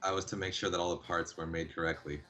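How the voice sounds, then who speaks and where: A man playing a tabletop game, casually asking questions and describing what his character does. His voice is very deep. Faint music plays behind him. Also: fairly even intonation, quick pace, fairly bright tone. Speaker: player.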